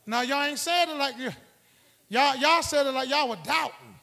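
In a church sanctuary, a male preacher with an unusually high, gravelly voice full of vocal fry works the room through call-and-response at a quick pace. He slides from hushed asides to shouted exhortations, his words hanging in the long reverb of a large hall.

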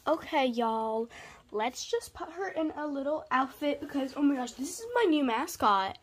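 A young girl unboxing a birthday toy in a casual vlog, gushing with excitement and using trendy slang. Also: high voice, normal speed, a little hiss or hum.

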